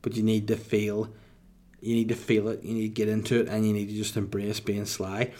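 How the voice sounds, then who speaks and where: A man in his thirties with a Northern Irish accent, answering listener questions in casual chat with mock-boastful, deadpan jokes. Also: on the low side, brisk.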